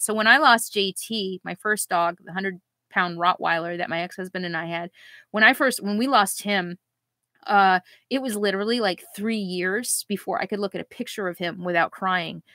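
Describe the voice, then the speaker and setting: A middle-aged woman vlogger in a casual live Q&A, reading viewer comments and answering them in a halting, emotional way, at times near tears. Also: mid-range voice, a bit bright, no echo. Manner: emotional, halting, laughs through grief.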